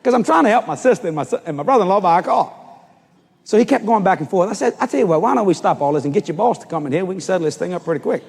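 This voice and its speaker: A man preaching a sermon as a story, animated and often shouting as he acts out the dialogue. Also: high voice, rapid-fire, creaky, breathy edge. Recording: reverberant hall.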